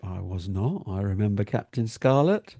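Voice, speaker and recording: A man's voice: fairly low pitch, animated, moderate pace, mellow, no echo, studio quality. A man co-hosting a casual talk show, explaining things earnestly. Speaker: co-host. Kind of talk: casual chat.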